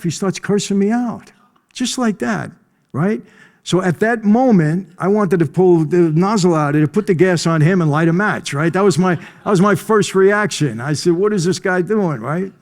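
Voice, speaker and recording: A man's voice: on the high side, moderate pace, darkish tone. A middle-aged man, telling his life story bluntly to a conference audience. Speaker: conference speaker. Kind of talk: storytelling testimony.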